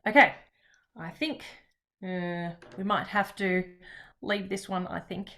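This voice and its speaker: A woman presents a teaching workshop on a video call. Her voice sits at an ordinary middle pitch, and she speaks in a loose, chatty way with many pauses. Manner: relaxed, chatty, with frequent pauses. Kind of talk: online webinar presentation.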